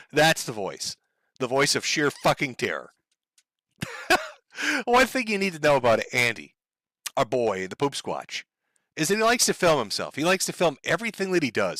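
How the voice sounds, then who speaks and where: A man's voice: fairly high pitch, bright, forceful tone, dry recording. A man hosting a video commentary, talking sarcastically and animatedly, often breaking into laughter. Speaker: online commentary host.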